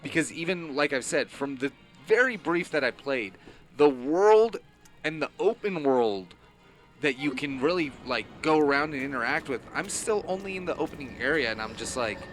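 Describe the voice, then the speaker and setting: Bright, rambling male co-host. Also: a little high, expressive, normal speed, faint music behind. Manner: rambling, enthusiastic, stammers on restarts. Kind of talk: casual chat.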